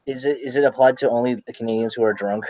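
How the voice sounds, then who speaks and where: A man on a livestream joking with quick mock warnings. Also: mid-range voice, fairly even intonation, warm tone, no echo, lo-fi sound.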